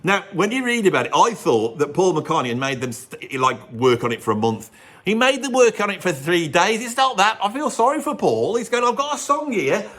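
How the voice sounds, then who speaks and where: A man presenting a music video in an animated, rambling storytelling monologue. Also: high-pitched, a little fast. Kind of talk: casual monologue.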